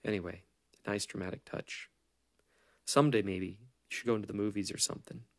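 A man voicing a quiet, laconic young soldier. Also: fairly low pitch, steady tone, a little fast, gravelly. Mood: subdued. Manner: subdued, laconic.

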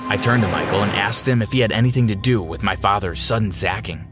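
A man narrating a dramatic first-person story in an expressive storytime style. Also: on the low side, quick pace, music in the background.

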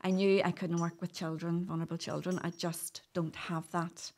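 On a casual podcast interview, a guest doula, a middle-aged woman from Northern Ireland, chats and tells stories with plenty of laughs. Her voice is on the low side and darkish, level in tone, at a normal speed.

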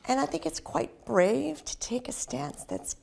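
A woman's voice: high-pitched, animated, measured pace, vocal fry, darkish tone, slight background noise. A woman from Canada, a singer chatting casually and upbeat in an interview, often saying "you know".

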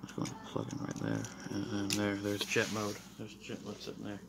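Gravelly, flat-voiced man reviewing toys. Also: on the low side, normal speed. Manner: rambling, apologetic, frustrated. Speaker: toy reviewer. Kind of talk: casual toy review walkthrough. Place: room in a house. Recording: noisy home recording.

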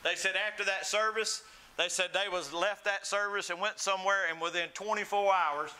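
High, bright preacher. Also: male voice, steady tone, moderate pace, a little hiss or hum, poor audio. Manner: storytelling preacher, acts out quoted voices with big swings. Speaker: pastor. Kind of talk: sermon.

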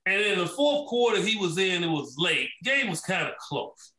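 A man with a high, very lively voice tells a story from his rookie days, acting out the lines of the other people in it. His tone is bright. He is recorded in an echoey room, some way back from the mic. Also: normal speed, far from the mic. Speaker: former player telling a story. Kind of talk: animated storytelling.

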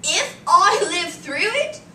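A woman doing a flustered hobbit gentleman. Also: extremely high pitch, very animated, takes it slowly, heavily acted. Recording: echoey room, distant mic, noisy.

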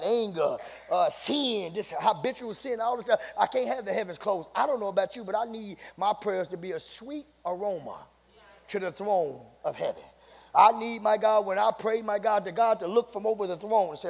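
A man, the pastor, a sermon and building to shouts, saying "my God" between phrases. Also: high-pitched, moderate pace, gravelly, slightly rough. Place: church sanctuary. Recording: long hall reverb.

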